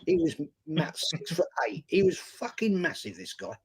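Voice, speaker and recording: A man's voice: fairly high pitch, very animated, moderate pace, breathy edge. Swearing man telling a pub story. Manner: swears freely, tells anecdotes with acted-out quotes. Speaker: podcast host. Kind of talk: casual storytelling chat.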